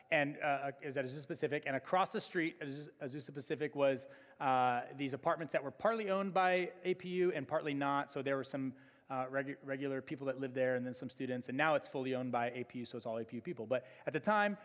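A male pastor preaching a sermon, telling stories in an animated way with many fillers and restarts. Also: fairly high pitch. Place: church hall. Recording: long church hall reverb.

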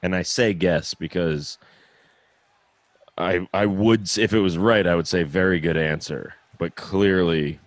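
A man's voice: low voice, measured pace, no echo. A young man hosting a podcast in loose, laughing casual chat, swearing freely. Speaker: podcast host.

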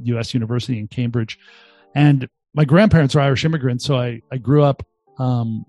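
A man's voice: medium pitch, darkish tone, dry recording. A man in his fifties with a Boston accent, a guest entrepreneur telling his story with big energy, jokes and acted-out quotes. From Boston, USA. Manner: exuberant, jokey, acts out quotes in voices. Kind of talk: animated storytelling interview.

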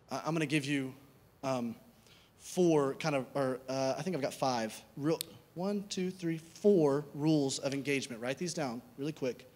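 A pastor preaching a conversational sermon, asking rhetorical questions and repeating key words for emphasis. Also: male voice, mid-range voice, normal speed, darkish tone.

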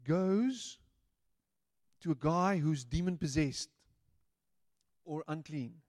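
A male pastor delivering a sermon at an unhurried pace. His voice sits a bit higher than most men's and is recorded dry and close. He keeps it playful, acting out quoted lines in little voices. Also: darkish tone, dry recording.

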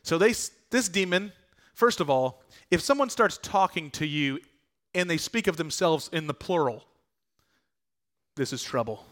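Male pastor, conversational earnest sermon delivery, slightly raised pitch. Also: animated, normal speed, fairly bright tone. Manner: conversational, earnest preaching with rhetorical questions.

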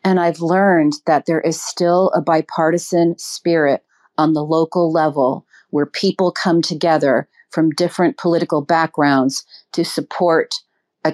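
A woman's voice: low-pitched, steady tone, moderate pace, darkish tone. A woman speaking as an interview guest, earnest and emphatic, with ums and restarts as she thinks aloud. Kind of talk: political interview.

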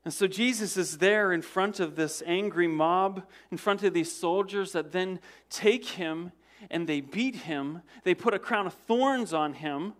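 A man with a notably high voice preaches a sermon as a pastor, telling the story with drama. He stumbles over repeated words and restarts, throws rhetorical questions at the congregation, and drops from loud emphasis into hushed, low passages. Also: unhurried. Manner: dramatic storytelling with frequent word repetitions and restarts.

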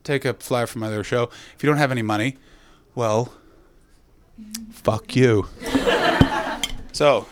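Brash, profane comedian. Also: male voice, medium pitch, slow pace, pauses often, heavy background noise. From Canada. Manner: brash, profane, teasing the audience. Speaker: stand-up comedian. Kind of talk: live stand-up with crowd work.

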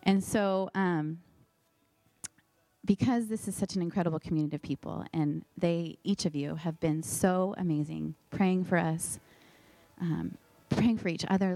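A woman giving a heartfelt testimony at a church service, earnest and halting, with fillers. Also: fairly low pitch, warm tone, no echo. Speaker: pastor's wife sharing testimony. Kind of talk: sermon testimony.

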